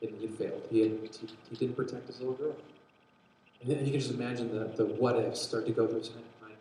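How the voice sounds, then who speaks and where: A man preaching a sermon, telling a Bible story with lively acted-out dialogue and frequent restarts. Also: mid-range voice, fairly quick, a little hiss or hum. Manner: animated storytelling, acts out quotes, restarts often. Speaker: pastor. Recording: very echoey hall.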